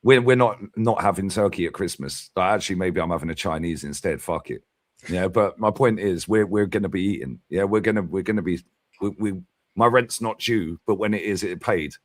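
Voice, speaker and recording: A man's voice: sits low, brisk, no room sound. A man hosting a casual football fan chat, blunt and sweary, tagging "yeah?" onto his points. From London. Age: 40s. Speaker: fan channel host.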